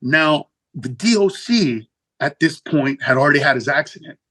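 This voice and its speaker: A man, a comedian, telling a profane story in a casual interview, animated and jumping up in pitch for punchlines. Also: normal speed, slightly rough, rough recording. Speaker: guest comedian.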